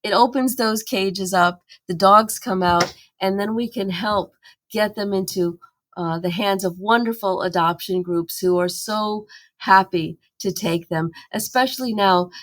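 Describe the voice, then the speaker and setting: A woman's voice: mid-range voice, unhurried. Earnest woman campaigner telling a story. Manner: earnest, animated, with fillers and restarts. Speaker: animal welfare campaigner, guest. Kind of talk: conversational interview storytelling.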